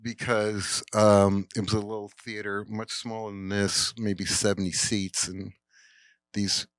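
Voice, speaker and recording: A man's voice: lowish voice, unhurried, no echo. Rambling storyteller man, dry sound. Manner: rambling, animated, full of fillers and acted-out quotes. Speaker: guest filmmaker at a Q&A. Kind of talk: casual anecdote telling. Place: cinema Q&A.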